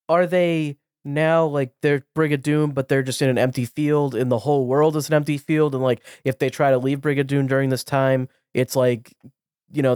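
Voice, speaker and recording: A man's voice: medium pitch, a little mellow, clear, resonant tone, dry recording, studio quality. Rambling man podcast co-host. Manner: rambling, thinks aloud, trails off mid-sentence. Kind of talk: casual chat.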